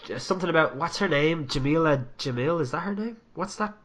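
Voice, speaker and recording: Brisk and a little high-voiced, this young podcast co-host swears heavily while ranting animatedly in a casual conversation.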